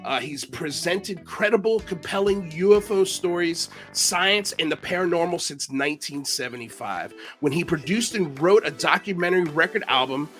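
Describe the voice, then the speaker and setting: A man hosts a casual livestream interview with an upbeat, joking manner. His voice sits a little high, and he pokes fun at his own slip-ups. Faint music plays in the background. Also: a bit bright. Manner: upbeat, self-deprecating, joking. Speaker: host.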